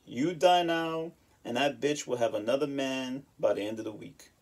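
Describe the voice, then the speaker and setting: A man's voice: medium pitch, normal speed, lightly acted. A man voicing his stern, blunt old grandmother in a raised, mocking tone.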